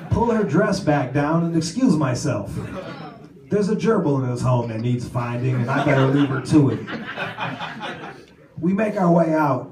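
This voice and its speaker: A man reads his own stories aloud in a flat, deadpan way, sinking low and soft on each punchline. He sounds set back from the microphone in a roomy, echoing space, with loud noise underneath. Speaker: author reading his book aloud. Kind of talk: live public reading of a memoir. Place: live reading event before an audience. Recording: roomy echo, voice far from the mic, loud background noise.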